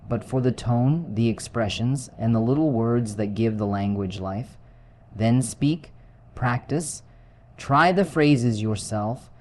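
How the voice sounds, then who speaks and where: A man with a British accent narrating a scripted English lesson in a measured, instructive way. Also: mid-range voice, mellow, a little hiss or hum, poor audio. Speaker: English teacher.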